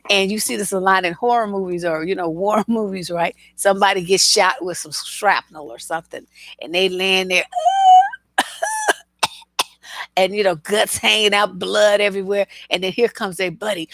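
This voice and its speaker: A woman's voice: medium pitch, lively intonation, normal speed, creaky, fairly bright tone, dry recording. A woman relationship coach telling stories in casual commentary, laughing through her anecdotes and talking bluntly with profanity.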